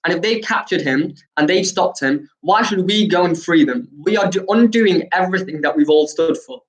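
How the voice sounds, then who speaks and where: A man's voice: a little high, steady tone, brisk, natural voice, rough recording. A man acting out an indignant, mocking warrior while retelling an epic story. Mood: fuming. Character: furious proud warrior man, scornful.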